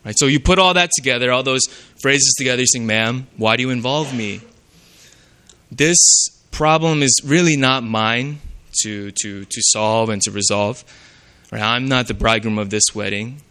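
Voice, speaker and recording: A man's voice: medium pitch, normal speed, bright, forceful tone, smooth. A man preaching a sermon in a conversational way, often checking in with "right?".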